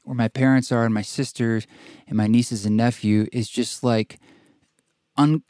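A man from Oregon hosting a podcast, talking in a relaxed, rambling way with fillers, a bit out of breath. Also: medium pitch, measured pace, no room sound, clean studio sound. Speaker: podcast host. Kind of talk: casual podcast intro and interview. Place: tiny house studio.

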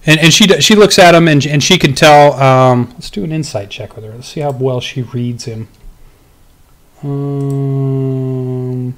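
A man's voice: mid-range voice, a little slow, a bit bright. A man narrating as game master of a tabletop game, hesitant, with many ums and restarts.

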